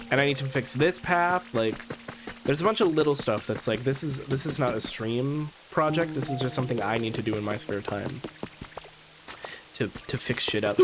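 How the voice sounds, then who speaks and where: A man streaming a video game, talking casually and campily to his chat with jokey asides. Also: mid-range voice. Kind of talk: casual gameplay commentary. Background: game music.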